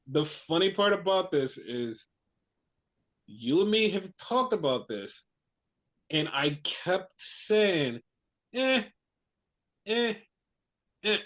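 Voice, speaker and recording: Man, high voice, excitable podcast co-host, swears, muffled lo-fi sound. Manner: animated, swearing, acts out quotes. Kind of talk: casual wrestling chat. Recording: dull lo-fi podcast audio.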